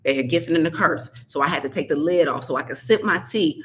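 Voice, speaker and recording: A woman's voice: sits low, fast talker. A woman health coach talking straight to her listeners, sassy and emphatic, repeating points for effect. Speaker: health coach and podcast host. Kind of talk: direct-to-listener motivational talk.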